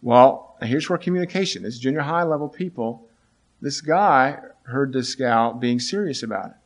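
A middle-aged teacher recounts a story about his students in an ordinary-pitched voice with lively intonation. He is earnest and halting, often restarting sentences, and his voice rises whenever he quotes the students.

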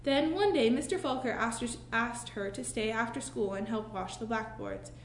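A woman reads a children's story aloud in an expressive way and pauses slowly for effect. Her voice sits a little high. The recording carries a roomy echo and a faint hiss behind it. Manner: expressive, with slow dramatic pauses. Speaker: narrator. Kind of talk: reading a children's book aloud. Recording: echoey room with faint hiss.

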